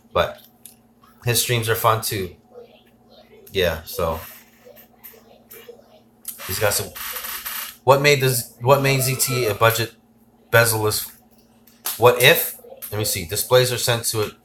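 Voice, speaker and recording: A man hosts a casual tech livestream with a bright, sharp voice. He talks to his viewers, reads their comments aloud and hands out shout-outs. His delivery is loose and excitable. A faint bit of background noise sits under his voice. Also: mid-range voice.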